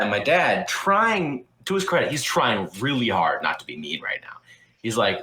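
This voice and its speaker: A young man on a podcast, telling a story in casual chat, animated and swearing with lots of fillers. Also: on the low side, fairly quick. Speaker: podcast co-host. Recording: roomy echo.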